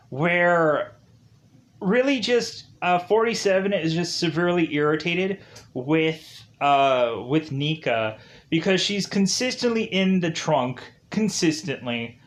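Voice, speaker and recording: Rambling man recapping a game. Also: fairly high pitch. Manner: rambling, heavy use of "like" fillers. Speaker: game reviewer.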